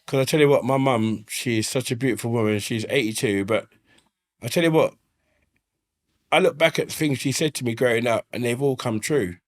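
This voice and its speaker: A man with a mid-range voice talks fairly quickly as an interview guest, telling stories casually. He swears freely and keeps asking "you know what I mean," and the audio is slightly faulty.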